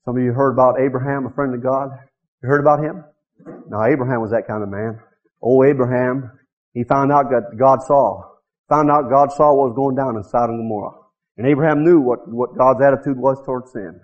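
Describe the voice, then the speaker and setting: A man preaching a sermon, swinging from quiet low asides to loud fervent exhortation and calling out to the congregation. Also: brisk, dull audio. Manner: calls out to the congregation with "Huh?" and "Are you with me?".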